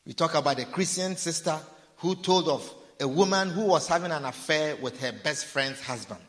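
A man delivers a sermon with insistent repetition, now and then acting out a sinner's pleading. His voice sits a little higher than most men's. The sound carries a long reverb, as in a large church hall. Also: moderate pace. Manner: preaching with repetition and acted-out pleading. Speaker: preacher.

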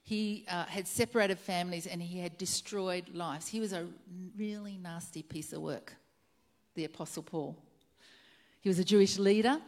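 A woman's voice: lowish voice, fairly even intonation, moderate pace, a little mellow. A woman preaching a sermon, retelling a story earnestly and repeating her key phrases for emphasis.

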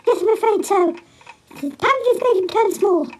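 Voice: very high voice, moderate pace, slight background noise. A performer voicing Ig, a timid, worried helper who stammers and hesitates and is out of breath. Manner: hesitant, many ums and stammers.

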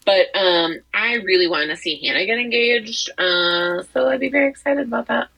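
A woman's voice: medium pitch, expressive, moderate pace, gravelly, sharp tone, breathy edge, low-quality recording. A woman co-hosting a podcast, chatting casually about celebrity news, rambling with lots of fillers and restarts. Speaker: podcast co-host.

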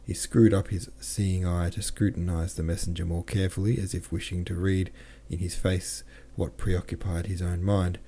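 Deep, mellow male audiobook reader. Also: little pitch movement, normal speed, few pauses, a little hiss or hum. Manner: plain reading with casual self-corrections and asides. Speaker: podcast host and audiobook reader. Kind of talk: reading a classic novel aloud.

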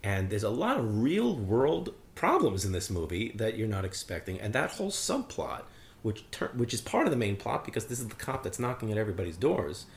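Man, low voice, podcast co-host, casual profane film chat, rambles. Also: big pitch swings, brisk, vocal fry.

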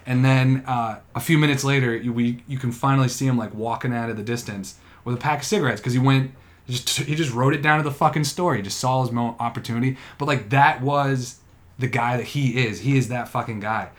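A man's voice: medium pitch, brisk. A man chatting casually on a podcast, telling long, rambling anecdotes packed with swearing. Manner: profane, rambling storyteller. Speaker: podcast co-host or guest.

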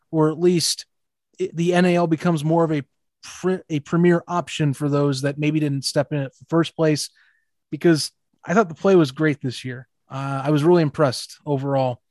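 A man's voice: on the high side, steady tone, moderate pace, no room sound, clean studio sound. Hesitant man co-hosting a podcast. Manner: hesitant, many restarts and fillers. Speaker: podcast co-host. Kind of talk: casual sports podcast chat.

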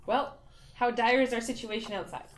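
A woman's voice: on the high side, moderate pace, slight background noise. A woman playing a tabletop game, voicing her bard character with a playful, mock-regal manner. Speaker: player. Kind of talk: tabletop role-play, in character as a bard queen.

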